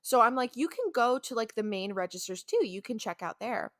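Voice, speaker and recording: Young woman co-host, animated storyteller with a slightly high voice. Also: brisk. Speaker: podcast co-host. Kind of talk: casual chat, storytelling.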